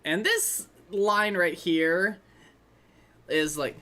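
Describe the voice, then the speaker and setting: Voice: medium pitch, drawn-out words, sharp tone. A host talking through a film in a casual commentary, rambling and chatty, with many side remarks. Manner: rambling, chatty, trailing off into asides.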